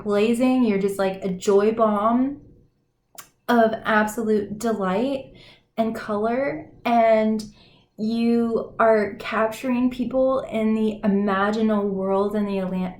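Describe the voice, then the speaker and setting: Slow, giggly woman card reader. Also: medium pitch. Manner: giggly, exclamatory, many fillers. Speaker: tarot and oracle card reader. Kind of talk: casual intuitive card reading. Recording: echoey room, faint noise.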